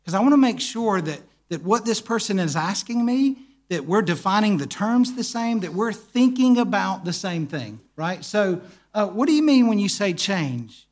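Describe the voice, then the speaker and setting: A man with a high voice for his sex teaches a church group in a relaxed, conversational way. He tells stories with animation and keeps checking in with his listeners by asking them questions. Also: normal speed, few pauses.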